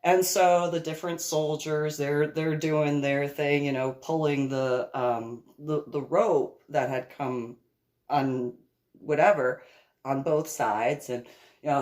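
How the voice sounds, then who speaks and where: A woman's voice: sits low, slow, a little mellow. A middle-aged woman telling a personal story in a casual way, acting out the other people's voices and laughing often. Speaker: storyteller recounting a personal event.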